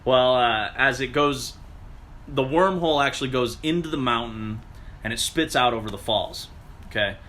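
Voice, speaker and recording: A man recounting a story in casual chat, animated and profane, jumping into the voices of the people he quotes. His voice is bright and forward, with an ordinary middle pitch. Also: normal speed, a little hiss or hum.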